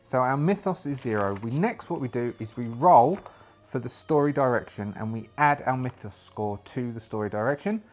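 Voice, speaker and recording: A man's voice: mid-range voice, expressive, normal speed. A man playing a solo tabletop game, thinking aloud in a rambling way with many restarts. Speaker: solo game player and narrator.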